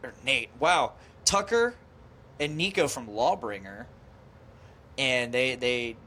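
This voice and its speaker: A man hosting a podcast in casual chat, excitable, swearing often and laughing a lot. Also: medium pitch, slow pace. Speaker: podcast host.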